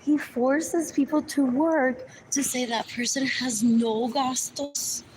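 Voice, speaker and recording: A woman with a high-pitched voice talks slowly and steadily during a livestream, with noise in the background. Her monologue rambles as she mutters, repeats herself and shifts back and forth between English and Spanish.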